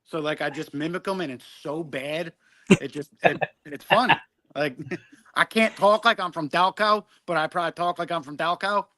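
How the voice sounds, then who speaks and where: A man from a rock band talks in a halting way, full of ums and likes. His voice sits slightly high, and the recording is close and dry. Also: pushed and bright, no echo. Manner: hesitant, many ums and likes. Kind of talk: casual chat.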